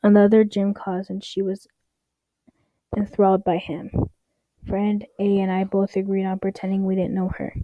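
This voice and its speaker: A woman's voice: medium pitch, completely flat delivery, moderate pace, dry recording, phone-quality sound. A young woman reading online stories aloud in a casual way, stumbling over words and adding wry asides. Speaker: story reader.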